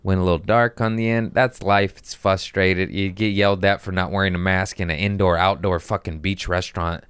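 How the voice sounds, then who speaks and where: A man's voice: low-pitched, fairly even intonation, a little fast, hardly any pauses, fairly bright tone, smooth, no echo, studio quality. A man who is a comedian hosting his podcast, ranting in an exasperated, profane way with comic timing. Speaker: podcast host.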